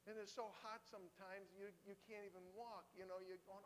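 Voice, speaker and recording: A man with a high voice preaches a sermon, talking to the congregation in a loose, conversational way and circling back on his phrases for emphasis. His voice carries with a long reverb through a church sanctuary, over a faint hum. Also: little pitch movement, brisk.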